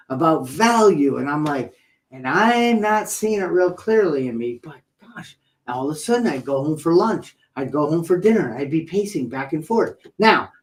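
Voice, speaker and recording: Animated man telling a story. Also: on the high side, low-quality recording. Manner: animated, playful storyteller who acts out quotes. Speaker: podcast co-host. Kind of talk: casual storytelling chat.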